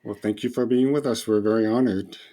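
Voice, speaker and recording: A man's voice: on the low side, steady tone, a little fast, mellow. A man hosting a podcast, introducing his co-host and guest in a friendly, brief way.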